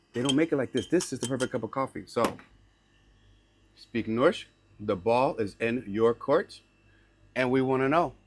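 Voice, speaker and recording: Chatty young man telling a story. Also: mid-range voice. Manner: animated, chatty, slangy, lots of "like" and "right?"; slips into learner's Norwegian phrases. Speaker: vlogger. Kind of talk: casual storytelling to camera.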